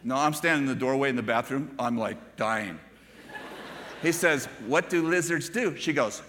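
Older male pastor, conversational storytelling sermon, bright tone, hall echo. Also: medium pitch, normal speed, a little hiss or hum. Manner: storytelling preacher, conversational asides to the congregation.

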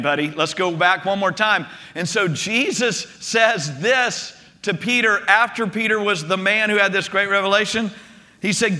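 A male preacher delivers a storytelling sermon with animated energy, doubling back on words as he goes. His voice is high and strikingly bright. A long reverb rolls around the large hall behind him. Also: normal speed. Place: room with a gathered congregation.

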